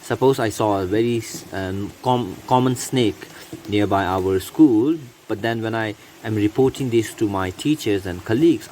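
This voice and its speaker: A man's voice: on the low side, normal speed, darkish tone, a little hiss or hum, rough recording. A man teaching English in a recorded video lesson, explaining patiently and asking his students rhetorical questions.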